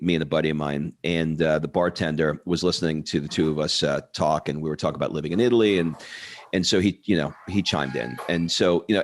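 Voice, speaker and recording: A man hosting a casual interview, telling stories with animated jumps up in pitch. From United States. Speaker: podcast host.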